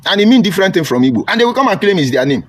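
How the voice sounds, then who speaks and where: A man's voice: high-pitched, big pitch swings, racing. A man with a Nigerian accent giving a combative, mocking political monologue on a live stream and greeting viewers by name. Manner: combative, mocking, rising to loud outbursts.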